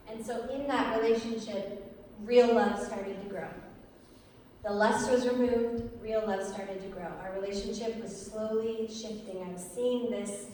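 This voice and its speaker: A young woman giving an earnest, lively personal testimony to an audience, telling her story with laughs. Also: on the high side, slight background noise. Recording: echoey hall, voice from far off.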